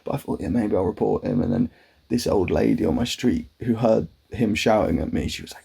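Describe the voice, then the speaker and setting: A man with a low, dark voice recounts a story in a loose, rambling monologue. He swears freely and keeps jumping up in pitch to quote himself. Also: fast talker, creaky, slightly rough. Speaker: vlogger.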